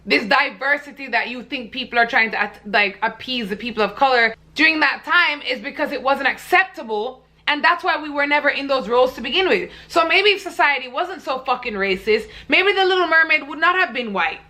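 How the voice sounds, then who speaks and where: A woman's voice: sits high, expressive, a little fast, few pauses, pushed and bright. A young woman vlogger ranting to camera in a blunt, heated, profane way. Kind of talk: casual vlog rant.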